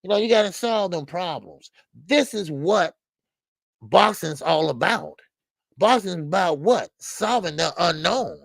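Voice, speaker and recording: Gravelly boxing host, older man. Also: unhurried, dry recording. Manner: animated, repetitive fillers, rises in pitch when protesting. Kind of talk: casual live-stream commentary, reacting to chat.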